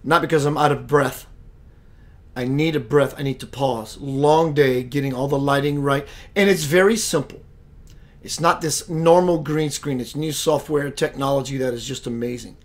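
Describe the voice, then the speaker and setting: A man with a mid-range voice talks at a normal speed while hosting a spiritual web radio show. He keeps the livestream chat casual and playful, naming viewers as he greets them and laughing frequently.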